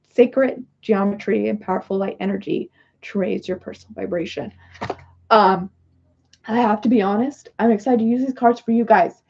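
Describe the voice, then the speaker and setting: A woman hosting a livestream who chats on in a rambling, apologetic way. Her voice is mellow and dark with a gravelly fry, and it comes through a somewhat dull, lo-fi recording. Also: medium pitch. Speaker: livestream host doing oracle card readings. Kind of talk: casual livestream chat.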